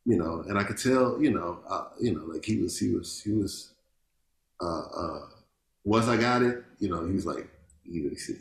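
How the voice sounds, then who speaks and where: Laid-back male jazz musician, storyteller, stumbles and repeats, low register, reverberant room. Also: normal speed. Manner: loose, repeats words, animated storytelling with quoted voices. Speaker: jazz bassist, guest. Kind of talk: casual interview chat. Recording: roomy echo.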